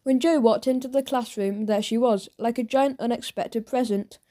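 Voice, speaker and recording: Mellow woman reading a children's book. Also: on the high side, normal speed. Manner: lively, playful storytelling. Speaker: audiobook narrator. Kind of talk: children's audiobook narration.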